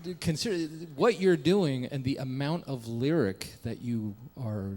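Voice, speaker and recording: A man's voice: mid-range voice, measured pace, warm tone, a little hiss or hum. A man hosting a live radio show, enthusiastic and folksy, addressing his radio audience. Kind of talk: live broadcast interview. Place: concert stage before a live audience. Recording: long hall reverb, audience around.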